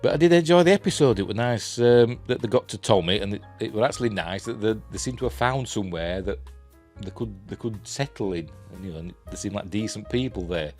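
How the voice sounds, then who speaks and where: Man, Yorkshire accent, very low voice, casual rambling review, chuckling asides, faint music behind. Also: animated, fairly quick, a little mellow. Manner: rambling, chuckling, self-deprecating, many fillers.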